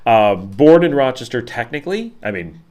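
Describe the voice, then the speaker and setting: With a sing-song, darkish, mid-range voice at a normal pace, this middle-aged man hosts a live stream and reads viewer comments. He has a Buffalo, Western New York accent and rambles casually, full of fillers and restarts.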